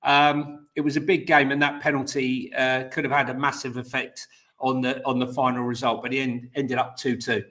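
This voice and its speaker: A man's voice: mid-range voice, normal speed. Opinionated man co-hosting. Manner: animated, opinionated, slangy. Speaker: co-host of a football news show. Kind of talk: casual football chat.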